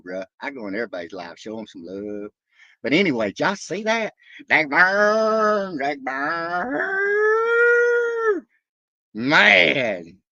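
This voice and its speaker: A man live-streaming from a truck stop, rambling excitedly and cursing loosely while shouting out his viewers. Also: fairly high pitch, no room sound, highs cut off. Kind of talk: casual rambling livestream chat.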